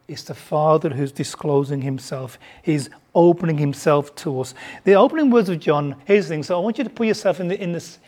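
A Birmingham, England preacher with a softened local accent and a medium-pitched voice delivers a sermon. He puts questions to the congregation and often repeats words as he thinks.

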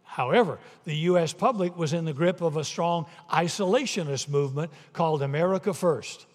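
A male pastor preaching a sermon, telling a story that builds to emphatic peaks and then drops soft. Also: a little high. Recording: long reverb of a large hall.

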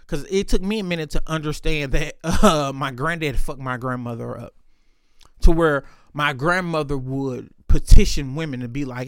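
Candid, profane man with a high voice. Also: normal speed, clear, resonant tone, no room sound, clean studio sound. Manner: candid, profane, and loose, with frequent swearing. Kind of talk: casual storytelling monologue.

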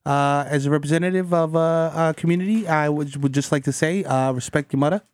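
A man's voice: a little high, a little fast, darkish tone, smooth, no room sound. A man co-hosting a podcast, chiming in with laid-back hype-man replies in casual comedic banter. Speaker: podcast co-host.

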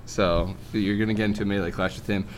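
A man narrating a tabletop game as game master, often halting and laughing through his descriptions. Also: on the low side, steady tone, slight background noise.

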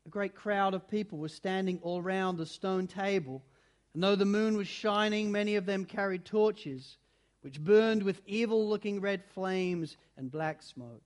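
High-voiced man reading a storybook. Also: measured pace. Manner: expressive, dramatic, shifting between loud and hushed. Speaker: narrator.

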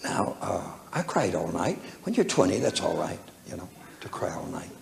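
A man's voice: low voice, big pitch swings, moderate pace, creaky. A man preaching a storytelling sermon, folksy and humorous, chuckling as he talks, recorded in an echoey church hall. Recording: echoey hall with faint room noise.

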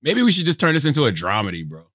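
A man co-hosting a podcast in casual comedic banter, loud and laughing. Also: mid-range voice, huge pitch swings, racing, dry recording, studio quality. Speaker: podcast co-host.

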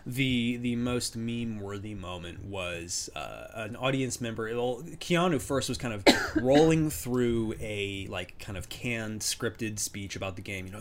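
A man's voice: fairly low pitch, measured pace, few pauses, a little hiss or hum. A man chatting casually as a podcast co-host, rambling with lots of fillers and restarts. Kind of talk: casual chat.

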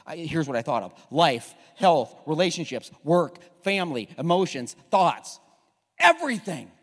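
Male pastor, high lively voice, joking sermon, long church-hall reverb. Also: moderate pace. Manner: animated, jokey, asks the congregation to repeat lines. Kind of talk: humorous sermon. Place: church sanctuary.

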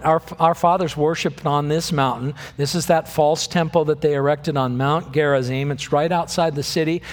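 A man's voice: fairly high pitch, long reverb tail. A man preaching a sermon as pastor, talking conversationally and acting out the quoted lines. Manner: conversational, acts out quoted lines with lively shifts.

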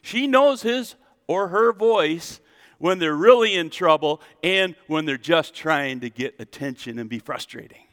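A man preaching a sermon as a pastor, animated and drawing call-and-response from his congregation in a church sanctuary. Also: a little high, a little slow, clear, resonant tone. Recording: long reverb in a hall.

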